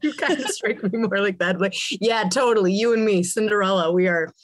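A woman's voice: mid-range voice, brisk. A woman from Southern California hosting a podcast interview, playful and self-deprecating, laughing easily. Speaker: podcast host. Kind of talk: casual interview chat.

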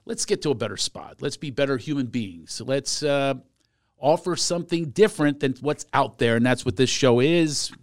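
A man's voice: mid-range voice, animated, normal speed, no room sound, clean studio sound. An older man, a comedian hosting a podcast, chatting casually and jokingly and laughing often. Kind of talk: casual chat.

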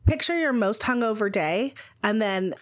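A woman co-hosting a podcast in casual chat, wry and teasing, quick to laugh. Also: medium pitch, expressive. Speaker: podcast co-host.

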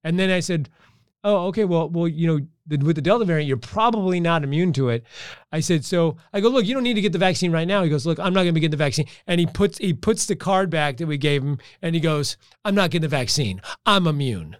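A middle-aged man in casual podcast chat, recounting a run-in at his gym and playing out each voice. His voice sits a little high and comes across smooth and clear, close and dry with no room sound. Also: fast talker, no room sound. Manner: animated storyteller, acts out dialogue. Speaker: gym owner.

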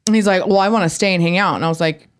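A woman's voice: on the low side, racing, smooth. Chatty woman telling a story. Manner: animated storyteller, swears freely. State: speaking around new braces. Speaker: podcast co-host. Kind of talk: casual chat.

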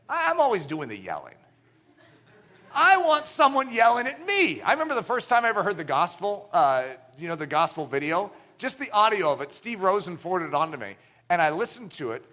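A man preaching a sermon as pastor in a church, animated and acting out the voices he quotes. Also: high-pitched. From United States.

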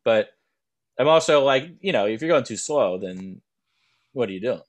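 A young man at an ordinary middle pitch, chatting casually as a podcast co-host. He rambles, circles back and restarts his sentences as he tells a story. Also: animated, normal speed. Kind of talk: casual chat.

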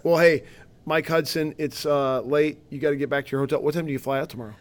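A man with a voice a bit higher than usual, hosting a relaxed podcast interview. He asks easygoing questions and jokes around with his guest. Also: quick pace. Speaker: podcast host. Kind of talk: casual interview. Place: conference venue.

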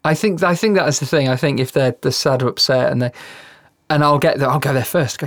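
A man's voice: medium pitch, fast, fairly bright tone, dry recording, clean studio sound. A man hosting a podcast, easygoing and reflective as he chats about fatherhood. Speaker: podcast host. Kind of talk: relaxed interview chat.

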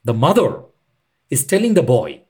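A man who leads retreats, speaking as a podcast guest in an earnest, reflective way and pausing to stress his points. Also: medium pitch, wildly swooping pitch, a little mellow, husky. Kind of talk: reflective conversational explanation.

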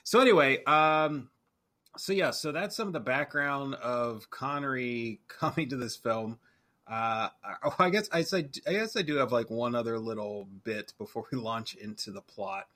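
A man's voice: medium pitch, lively intonation, moderate pace, sharp tone. A man hosting a casual movie podcast, rambling and correcting himself as he talks. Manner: rambling, self-correcting, chuckling. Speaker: podcast host.

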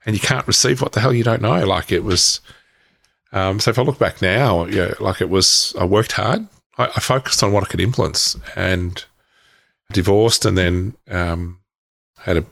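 A middle-aged man, a podcast guest, telling his life story frankly, with halting restarts and the odd swear word. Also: low-pitched, creaky, a bit bright. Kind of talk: candid personal storytelling.

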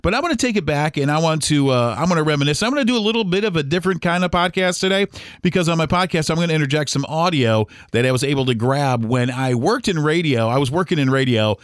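A man's voice: fairly high pitch, expressive, quick pace, smooth, no room sound. Chatty middle-aged man podcasting in a dry room. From United States. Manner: rambling, acts out remembered dialogue. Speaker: podcast host. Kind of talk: casual storytelling podcast.

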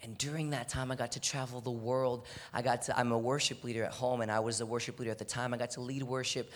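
A young man from Houston, preaching earnestly, sometimes dropping to a hushed voice. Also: mid-range voice, quick pace. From Houston, Texas. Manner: earnest, animated preaching with soft, hushed moments. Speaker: speaker. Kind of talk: sermon. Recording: long hall reverb.

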